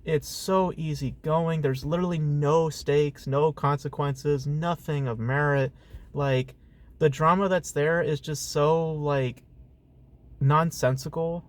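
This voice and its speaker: A man's voice: fairly high pitch, fairly even intonation, takes it slowly. A man giving a casual, ranting movie review, profane and exasperated, full of fillers and rhetorical asides. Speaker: film reviewer.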